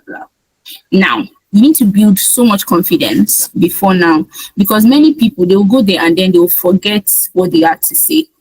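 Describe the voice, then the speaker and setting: A woman's voice: medium pitch, darkish tone, breathy edge, no room sound, poor audio. A woman from Nigeria with a Nigerian accent, teaching an IELTS speaking lesson in an emphatic way and acting out sample answers. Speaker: IELTS tutor. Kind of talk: speaking-test coaching lesson.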